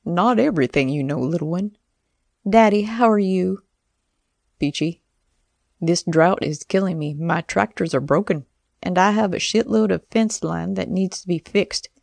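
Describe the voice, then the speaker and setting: A woman voicing a gruff, teasing older farmer father in an audiobook. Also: on the low side, unhurried, darkish tone, dry recording.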